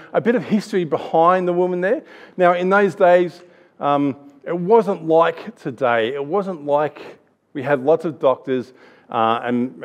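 A man in his thirties with an Australian accent, giving a chatty, anecdotal church sermon with restarts. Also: fairly high pitch. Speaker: preacher.

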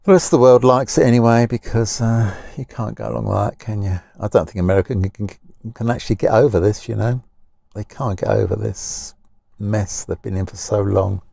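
A man's voice: fairly low pitch, steady tone, a little fast, gravelly, mellow, no room sound, clean studio sound. A man, talking casually from inside a parked car, rambling and grumbling in a blunt, plain-spoken way. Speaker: vlogger. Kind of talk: casual talking-head rant.

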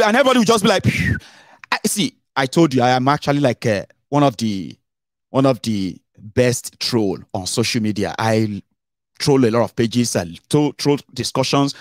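A middle-aged Nigerian man hosting a casual political commentary show, animated and mixing Pidgin into his English, with dramatic swings in pitch. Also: no echo, studio quality. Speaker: host.

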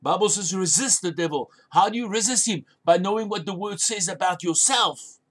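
A man's voice: high-pitched, moderate pace. A man preaching a sermon as a pastor, urging listeners with emphatic, repeated commands. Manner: emphatic, repetitive exhortation.

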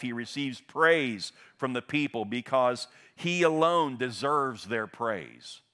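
Man preaching with dramatic swings. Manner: swings from loud emphatic stress to low quiet drops. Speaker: pastor. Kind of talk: sermon.

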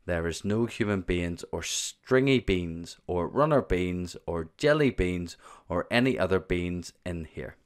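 Man doing the friendly big giant, polite and calm, jumbled words, deep. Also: measured pace.

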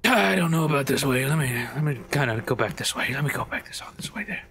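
A man's voice: mid-range voice, lively intonation, fast, gravelly, a bit bright, slight background noise. A man giving nervous, profanity-laden commentary while playing a horror game, talking to his viewers. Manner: nervous, jumpy, swears a lot. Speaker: gaming video creator.

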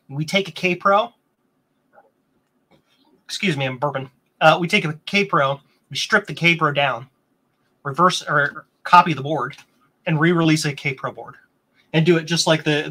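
A rambling, chatty man hosts a casual live stream with a bright, forward tone. He wanders between explanations and viewer comments, and now and then his pitch jumps up with excitement. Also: fairly quick. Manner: excitable, bursts into higher pitch. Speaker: host of a vintage computer stream.

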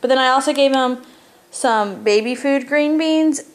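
A woman's voice: high voice, measured pace. A tired young woman and mother, chatting casually at home for a family vlog and talking sing-song to her toddler. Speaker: mother vlogging family life.

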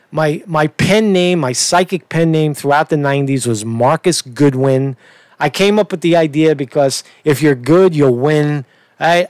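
A man's voice: a little high, darkish tone, dry recording, clean studio sound. A middle-aged man with a Brooklyn accent, ranting profanely in a rambling commentary and often asking "right?". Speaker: online commentator.

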